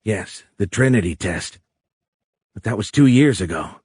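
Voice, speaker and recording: A man's voice: fairly low pitch, lively intonation, unhurried, a little mellow, slightly rough, dry recording, studio quality, heavily acted. A man voicing a frightened human captive who fires off alarmed, demanding questions.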